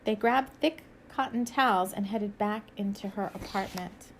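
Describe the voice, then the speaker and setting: A woman's voice: medium pitch, moderate pace, slight background noise. A woman author reading her own romance novel aloud, then giving a musing spiritual message with frequent hesitations and small laughs.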